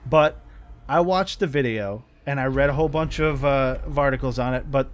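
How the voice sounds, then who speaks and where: A man's voice: medium pitch, normal speed. Rambling, frustrated American man. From United States. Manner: rambling, frustrated, profane, with many restarts. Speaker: gaming channel host. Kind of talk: off-the-cuff commentary over gameplay.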